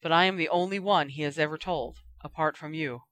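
A reader voicing a stern older woman professor, speaking in a measured, quietly firm way. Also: mid-range voice, no room sound, close to an everyday voice. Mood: grave. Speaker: Professor McGonagall.

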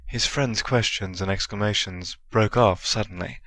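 A man narrating a story in a steady storytelling manner. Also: lowish voice, moderate pace, a little hiss or hum. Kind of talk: fan reading of a story.

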